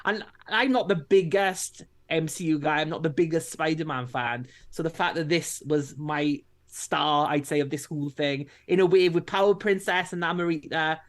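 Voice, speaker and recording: A man co-hosts a casual live stream, rambling easily through his thoughts with plenty of fillers and restarts. His voice sits a little higher than most men's. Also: normal speed, hardly any pauses. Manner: relaxed, rambling, full of likes and restarts. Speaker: co-host.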